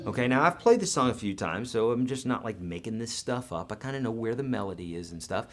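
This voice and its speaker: A man's voice: mid-range voice, expressive, fast. A man teaching guitar in a live online lesson, talking casually and encouragingly with everyday comparisons.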